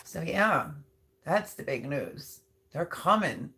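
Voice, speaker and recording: A woman's voice: low-pitched, sing-song, takes it slowly, sharp tone. A middle-aged woman chatting casually on her home livestream, reading viewer comments aloud in a rambling way with many ums. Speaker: livestream host.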